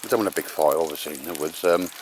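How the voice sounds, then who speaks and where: A man's voice: a bass voice, rapid-fire, crowd noise. A man hosting a bushcraft vlog in the woods, chatting casually and encouraging others, calling everyone mate and sir. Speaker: bushcraft vlogger and host. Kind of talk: casual outdoor chat. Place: in the woods outdoors. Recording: outdoor recording with background noise.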